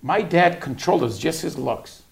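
A man's voice: on the high side, lively intonation, normal speed, gravelly, husky. A middle-aged man preaching a sermon, telling a family story and acting out the voices of his family. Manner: storytelling, acts out family dialogue.

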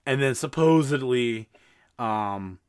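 A man hosting a podcast, telling a story in casual chat, animated and swearing freely. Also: mid-range voice, slow, clean tone. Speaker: podcast host.

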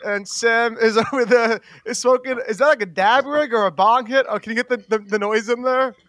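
A man's voice: very high voice, fairly even intonation, a little fast, a bit bright, no echo. A young man co-hosting a podcast, rambling and giggly with lots of fillers. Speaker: podcast co-host. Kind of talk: casual chat.

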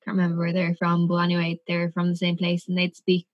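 Woman in her twenties, lowish voice, dry dull sound, casual chatty storytelling. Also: monotone, fast, dry recording. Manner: chatty, sweary, lots of "like".

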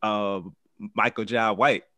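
A man in casual podcast chat, laid-back and halting, with fillers. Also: on the low side, steady tone, sharp tone, smooth, dry recording, studio quality.

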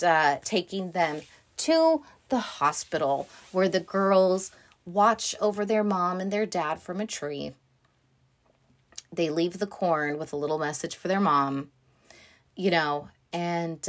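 A woman casually retelling the plot of an animated film in her own words, chatty and quick to swear. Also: on the low side. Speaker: movie recap vlogger.

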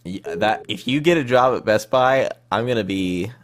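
A man's voice: fairly low pitch, lively intonation, moderate pace, slight background noise. A man hosting a casual group podcast, asking teasing questions of his guests. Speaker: podcast host.

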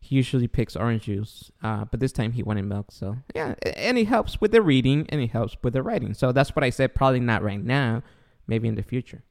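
A man's voice: medium pitch, fairly quick, vocal fry. A man in his thirties with a Guatemalan accent, hosting a casual podcast chat and acting out voices as he tells stories. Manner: animated, acts out voices in anecdotes. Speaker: podcast host.

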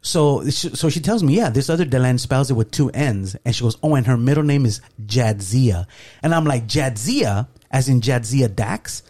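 A man's voice: mid-range voice, moderate pace. A middle-aged man telling a story in casual chat, acting out the lines he quotes and laughing often. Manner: animated, acts out quoted dialogue, laughs often. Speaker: podcast co-host.

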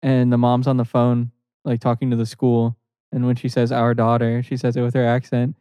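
A man's voice: mid-range voice, monotone, brisk, mellow, clear, resonant tone, no room sound. A man co-hosting a comedy podcast, joking and laughing as he chats casually. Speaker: podcast co-host.

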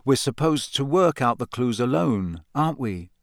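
A man's voice: mid-range voice, lively intonation, moderate pace, no room sound, clean studio sound, natural voice. A man voicing an earnest teenage boy wizard who speaks carefully and evenly. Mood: guarded.

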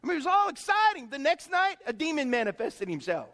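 A man preaching a sermon, telling stories excitedly and swinging from soft talk to shouts. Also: high voice, fast, creaky, a little hiss or hum. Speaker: pastor.

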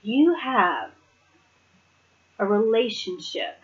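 A woman's voice: on the high side, animated, very slow, highs cut off. A woman giving a casual, earnest devotional talk. She reads scripture aloud and reflects on it, often laughing lightly between points. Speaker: Bible study speaker.

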